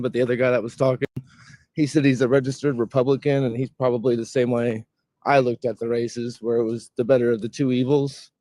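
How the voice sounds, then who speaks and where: A man calling into a live stream from his car, explaining himself in a measured, deliberate way. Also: mid-range voice, a little mellow, no room sound, low-quality recording. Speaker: caller. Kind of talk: casual call-in chat.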